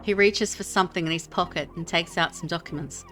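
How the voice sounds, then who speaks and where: Young woman streamer, bright, crisp voice, chatty and rambling. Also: lowish voice, fairly quick, hardly any pauses, faint music behind. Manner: chatty, self-deprecating, rambling. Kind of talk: reading a game aloud and chatting with viewers.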